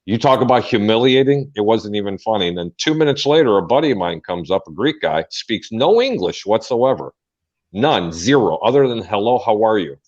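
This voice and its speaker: A man hosting a sports talk show, telling an animated story and acting out the quotes. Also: on the low side, a little fast. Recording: dull lo-fi sound.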